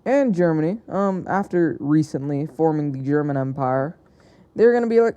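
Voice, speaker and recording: A man's voice: a little high, animated, normal speed, mellow, clean tone, dull audio. A young man narrating an alternate-history map video in a casual, hesitant way, often correcting himself as he goes. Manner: hesitant, self-correcting, chatty.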